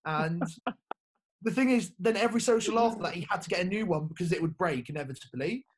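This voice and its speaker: A man's voice: high-pitched, a little fast, husky. A young man from England, a former rugby player, chatting casually as a podcast guest, full of fillers and swearing. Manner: laid-back, storytelling with lots of fillers and swearing. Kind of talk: casual chat.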